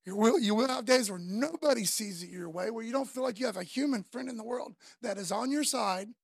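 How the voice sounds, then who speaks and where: A man, preaching a sermon in a loose, conversational way, often tagging lines with "man" and dropping from loud to soft. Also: very high voice, a little fast, creaky, husky, dry recording, clean studio sound. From Florida, US. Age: 50s. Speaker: pastor.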